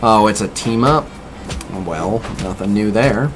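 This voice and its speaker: With music behind him, a man on the low side speaks at a measured pace while streaming a mobile game. His commentary is chatty and a bit critical, and he engages with viewer messages.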